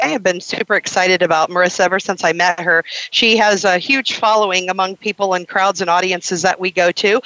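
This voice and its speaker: A woman's voice: mid-range voice, sharp tone, dry recording, highs cut off. A woman co-hosting, introducing a guest in an effusive, hyping way. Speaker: podcast co-host.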